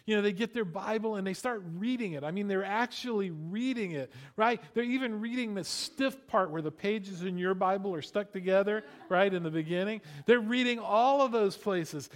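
A middle-aged male pastor preaching a sermon, animated, with playful asides and rhetorical questions to the congregation. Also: sits high.

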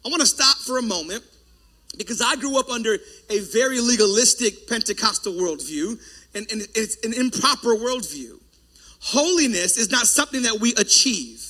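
A man preaching a sermon as pastor, loud and forceful, breaking off for joking asides to the congregation. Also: very high-pitched, lively intonation, moderate pace.

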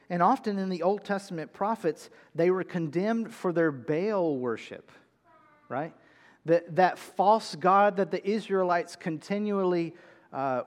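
A man preaching a sermon, reading scripture and explaining it, with emphatic, drawn-out shouts on key words. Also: sits high, in a large hall. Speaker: pastor.

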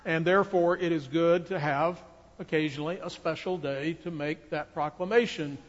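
A man preaches a sermon with an earnest, measured delivery, his voice pitched a little high. His words ring out with a long reverb, as in a large sanctuary. The recording itself sounds somewhat dull and muffled. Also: fairly even intonation. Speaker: pastor.

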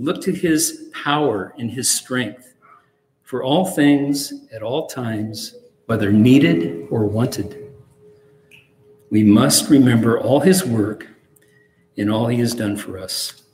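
A man's voice: mid-range voice, takes it slowly, darkish tone. A man preaching a sermon earnestly and with emphasis, reading passages aloud. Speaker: pastor. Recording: echoey hall with long reverb.

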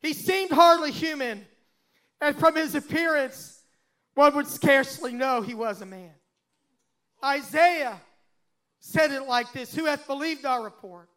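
High-pitched man preaching with drama. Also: a little slow, long pauses. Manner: dramatic, swelling and dropping to a hush. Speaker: pastor. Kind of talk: sermon with scripture reading.

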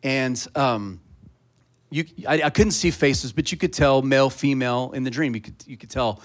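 A man preaching a sermon, telling a personal story in a casual, conversational way that builds to loud, fervent preaching. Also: mid-range voice, moderate pace. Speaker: pastor.

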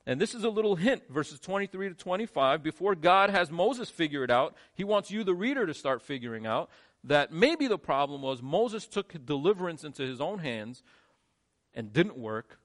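A male pastor preaching a sermon, shifting between quiet, low lines and emphatic, rising ones. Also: very animated, normal speed.

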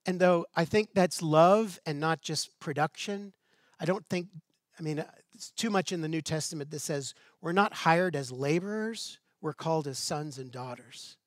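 A man's voice: on the high side, moderate pace, no echo, clean studio sound. A male pastor preaching a sermon in a conversational way, posing rhetorical questions and dropping light asides.

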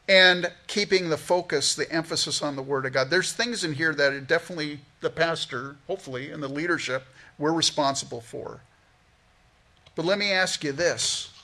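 Man, pastor, sermon in church, casual asides, gravelly, husky voice. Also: a little high. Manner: conversational, animated preaching with asides. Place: church sanctuary.

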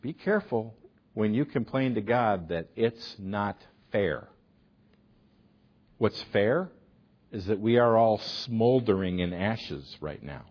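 A man delivers a sermon with a husky, slightly breathy tone. He tells stories with energy, pushing some phrases hard and dropping others almost to a murmur. The recording sounds dull and lo-fi. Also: lowish voice, slow pace. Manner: animated storyteller, swings from loud to hushed. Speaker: preacher.

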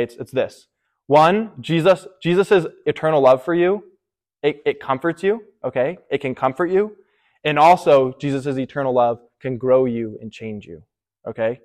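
A man preaching a casual youth sermon, talking straight to his listeners as "you guys" and checking in with "okay?" after nearly every point. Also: medium pitch. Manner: conversational, keeps checking in with "okay?".

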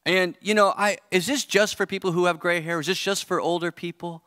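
A man's voice: high voice, fairly even intonation, brisk, bright, forceful tone, dry recording, studio quality. Earnest pastor, a man in his forties. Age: 40s. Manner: earnest, conversational, thinking aloud. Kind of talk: sermon. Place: church service.

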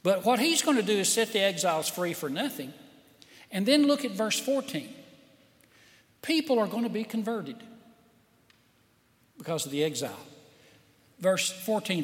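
A man preaching a sermon in a high, animated voice that swoops around as he acts out little quoted lines. He takes his time, and long reverb trails after his words. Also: normal speed, long pauses. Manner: lively, with acted-out quotes and small laughs. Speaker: pastor.

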